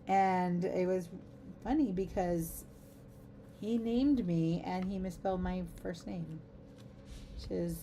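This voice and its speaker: A middle-aged woman chats her way through a crafting livestream in a warm, mellow voice. She rambles easily from one aside to the next and giggles often. A faint hiss of noise sits behind her. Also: lowish voice, measured pace. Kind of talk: casual chat while crafting.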